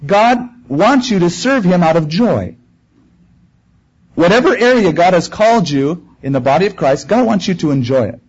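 A man's voice: high voice, expressive, normal speed, breathy edge, lo-fi sound. A man preaching a sermon to his congregation in a conversational, earnest and plain-spoken way. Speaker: pastor. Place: church room before a congregation.

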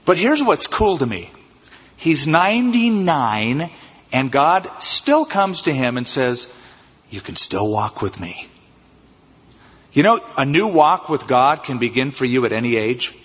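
A man preaching an expository sermon as pastor, animated and acting out little scenes in changed voices. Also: a little high, measured pace, breathy edge. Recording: dull, reverberant church hall sound.

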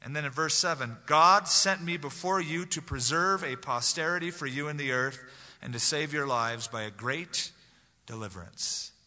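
A man's voice: fairly high pitch, moderate pace, sharp tone. A man preaching a conversational verse-by-verse sermon as pastor, acting out the voices of the people in the text. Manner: conversational, acts out voices of Bible characters. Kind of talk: expository sermon. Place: church sanctuary. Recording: long hall reverb.

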